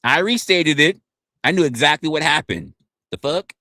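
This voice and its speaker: A man hosts a casual livestream at a normal speed, his talk loose and profane, often stumbling and restarting words. He's animated, his pitch swinging up and down. The studio-quality recording has no room sound.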